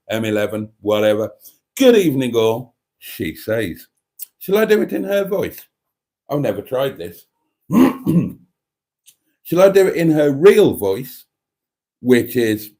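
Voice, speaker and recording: A camp, theatrical man hosting a live chat show and working through viewer comments. His pitch rises and falls expressively, and he drawls fondly at his audience with a playful, knowing tone. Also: dark tone.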